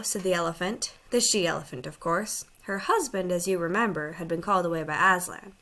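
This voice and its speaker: A woman reading a children's novel aloud as storybook narration, expressive and shifting her voice for the animal characters. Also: fairly low pitch, moderate pace, few pauses. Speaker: audiobook reader.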